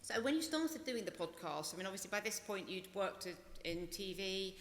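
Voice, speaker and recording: A British woman interviewing a guest on stage, framing her questions haltingly with many restarts. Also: medium pitch, expressive, a little hiss or hum. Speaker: event interviewer. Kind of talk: on-stage conversation. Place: large hall at a live event. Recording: roomy hall with long reverb and faint ambience.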